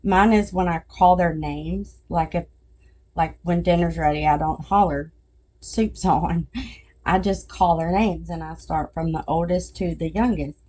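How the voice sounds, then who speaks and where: A woman's voice: lowish voice, fairly even intonation, a little slow, warm tone. A middle-aged woman hosting a podcast, telling family stories in casual chat and laughing at her own jokes. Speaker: podcast host.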